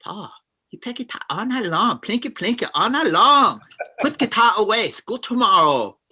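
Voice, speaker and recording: A man's voice: sits high, big pitch swings, normal speed, pushed and bright, slightly rough, pitched above the performer's own voice, full character voice. A man putting on a caricature of his scolding mother in broken English. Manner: exaggerated caricature.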